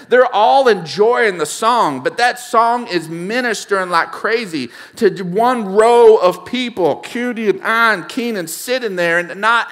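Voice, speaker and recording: Middle-aged male pastor, slightly high bright voice, animated sermon storyteller. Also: big-room sound. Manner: storytelling, animated, swings loud and soft. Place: church sanctuary.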